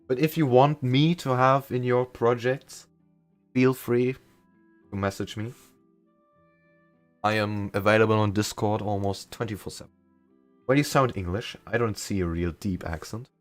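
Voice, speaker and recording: A young man with a light German accent, talking loosely and a bit self-deprecatingly to his stream audience. His voice sits very low. The sound is dry and close, with no room to it. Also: measured pace, long pauses, no echo, soft background music. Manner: chatty, rambling, self-deprecating. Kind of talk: casual chat during a live game stream.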